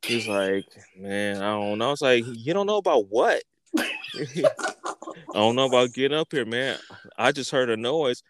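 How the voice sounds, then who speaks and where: Profane animated storytelling man. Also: medium pitch, a little slow, background noise. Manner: animated, profane, repeats words and acts out quotes. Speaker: podcast host. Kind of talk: casual storytelling.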